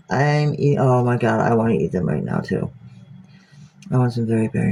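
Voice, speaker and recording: A man's voice: mid-range voice, lively intonation, a little fast, gravelly, dark tone, breathy edge, low-quality recording. A man talking casually on a phone livestream, musing aloud, rambling and swearing freely.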